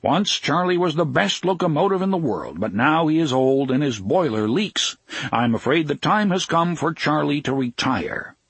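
A regretful roundhouse manager, put on by a male storyteller delivers bad news in a measured, apologetic way. The storybook voice is breathy and husky. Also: on the high side, animated, fairly bright tone, no room sound, voice pushed up, heavily acted.

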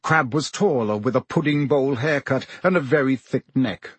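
A man narrating a novel as an audiobook in a steady, measured way. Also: medium pitch, husky, no room sound. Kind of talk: scripted narration.

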